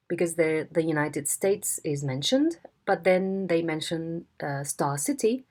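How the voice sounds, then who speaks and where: A woman teaching a phonetics lesson in a slow, deliberate way, demonstrating tones. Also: lowish voice, mellow. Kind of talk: video lesson instruction.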